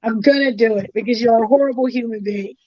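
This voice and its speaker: A woman hosting a podcast in casual chat, telling an animated story, acting out what others said and swearing freely. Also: on the high side, fast, no echo, muffled recording. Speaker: podcast host.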